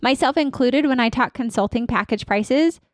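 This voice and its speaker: A woman's voice: on the high side, moderate pace, no room sound, studio quality. A woman consultant in her thirties, a podcast guest talking energetically and acting out staff and patient lines. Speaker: dental practice consultant.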